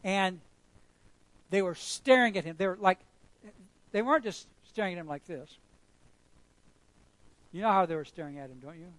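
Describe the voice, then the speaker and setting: Male pastor, sermon delivery, slightly high voice, emphatic repetition. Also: normal speed, pauses often, a bit bright, no room sound, poor audio. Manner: emphatic, storytelling, repeating phrases for effect.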